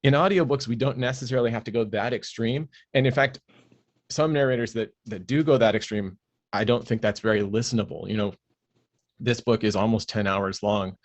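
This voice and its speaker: A man with a somewhat low voice talks through his craft as an audiobook narrator in an unhurried interview. He explains things carefully, circling back with fillers and restarts as he thinks aloud. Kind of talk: relaxed conversational interview.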